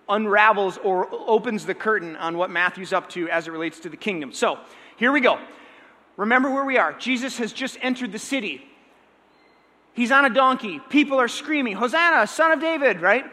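A man preaching a sermon in a lively, conversational way, often checking in with his listeners. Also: high-pitched, long reverb tail. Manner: energetic, conversational, checks in with the audience. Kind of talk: sermon teaching.

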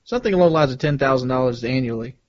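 A man chatting on a casual podcast in a matter-of-fact, slightly halting way. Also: mid-range voice, lively intonation. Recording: dull lo-fi recording.

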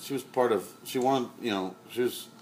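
A man's voice: medium pitch, moderate pace, darkish tone, faint music behind. A man co-hosting a casual movie commentary, joking and laughing often. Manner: laughs often, jokey asides. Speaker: co-host of a movie commentary show. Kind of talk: casual movie riffing chat.

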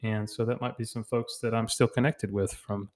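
A man's voice: on the low side, flat delivery, moderate pace, darkish tone. A man in his thirties co-hosting a casual podcast chat, joking, laughing often and putting on voices for quotes. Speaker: podcast co-host.

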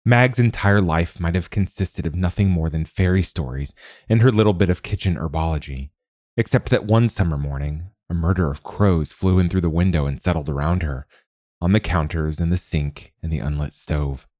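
A man reading a fairy tale aloud in a calm, even storytelling voice. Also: low-pitched, moderate pace, no room sound, clean studio sound. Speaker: narrator. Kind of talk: scripted storybook narration.

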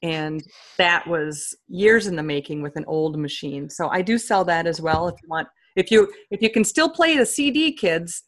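A woman being interviewed as an author, telling funny stories in a lively way and acting out the voices of the people she quotes. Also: fairly low pitch, normal speed. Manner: animated, acts out quoted voices, laughs often. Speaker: author and guest. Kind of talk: comic storytelling in an interview.

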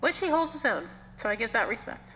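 Sassy woman with a bright voice. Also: fairly high pitch, sing-song, a little fast. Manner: sassy, teasing, swears freely. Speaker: guest. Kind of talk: casual chat. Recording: lo-fi with hall reverb, faint hum.

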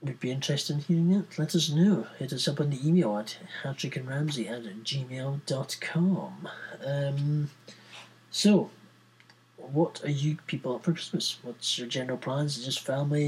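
A man hosts his podcast alone, wandering from one thought to the next with loose, self-mocking jokes. His voice is very husky and rough. He keeps the talk informal, like chatting to friends. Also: mid-range voice, darkish tone, low-quality recording. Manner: rambling, jokey, self-mocking. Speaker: podcast host. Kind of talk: casual solo podcast chat.

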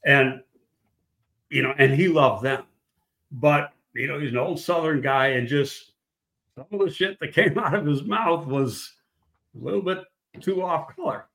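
A man's voice: on the high side, measured pace, creaky, pauses often, fairly bright tone, echoey room. An older man, a guest in a casual chat, telling blunt, rambling football stories with swearing and restarts. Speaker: guest, former football scout.

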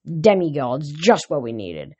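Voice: mid-range voice, very animated, unhurried, warm tone, slightly rough, no echo, dull audio. An audiobook reader voicing a stern, nagging older goddess who scolds her daughter, in a dry close recording. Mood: scolding. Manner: scolding and complaining.

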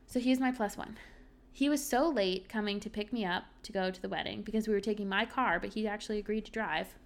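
A woman's voice: mid-range voice, fairly quick. A young woman hosting a solo podcast, chatting candidly and reading from her journal with lots of ums and likes. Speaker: podcast host.

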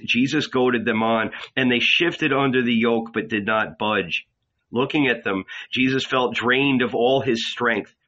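Bright-voiced male audiobook narrator. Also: mid-range voice, muffled recording. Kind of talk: scripted narration.

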